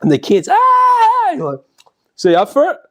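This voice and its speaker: Chatty man lecturing with animated pitch. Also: quick pace. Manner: chatty, laughs often, acts out voices of family members. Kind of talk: casual spoken lecture with anecdotes. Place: classroom.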